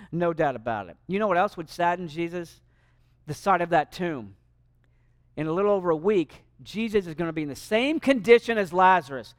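A male pastor preaching a sermon, emphatic, swinging between loud and hushed. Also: sits high, no room sound, studio quality.

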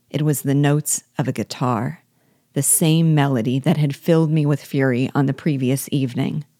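A woman reading a novel aloud as host, with measured, clear storytelling. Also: low-pitched, dark tone, dry recording, studio quality. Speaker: reader and teacher.

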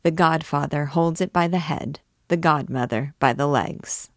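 A woman's voice: deep voice, a little slow, no room sound, clean studio sound. A woman reading aloud, voicing a commanding male chief of vagrants who instructs his followers. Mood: instructing. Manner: instructive, listing lore.

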